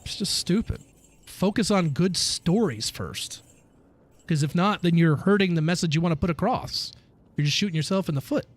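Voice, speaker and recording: A man hosting a casual game livestream, talking straight to his viewers in a loose, profane rant. His voice sits high for a man and bounces all over the place, animated and quick to laugh. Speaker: game streamer. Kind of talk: casual livestream chat while gaming.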